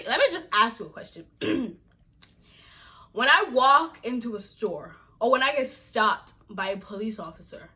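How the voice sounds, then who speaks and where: A woman's voice: a little high, pushed and bright. A young woman from Africa, a vlogger talking straight to camera in an exasperated, emphatic rant that sometimes drops to a whisper. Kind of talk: casual vlog rant to camera.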